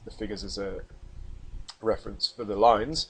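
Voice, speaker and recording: Deep-voiced man explaining software, rambling. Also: steady tone, normal speed, gravelly, husky. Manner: rambling, with many ums and restarts. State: slightly out of breath. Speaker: artist giving a software tutorial. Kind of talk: casual screen-recorded tutorial.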